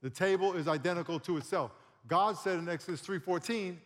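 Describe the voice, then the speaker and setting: A man in his sixties preaching in a church hall with a long reverb tail. His voice sits a little high for a man, and he talks in a lively, joking way. He stops to laugh and get the crowd to answer back. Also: a little fast. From San Diego area. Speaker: pastor. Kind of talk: sermon.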